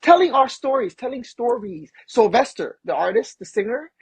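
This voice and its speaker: Husky man telling animated stories. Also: very high voice, normal speed, no room sound, poor audio. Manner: animated storyteller who acts out quotes. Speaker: guest, film producer and actor. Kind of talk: casual interview storytelling.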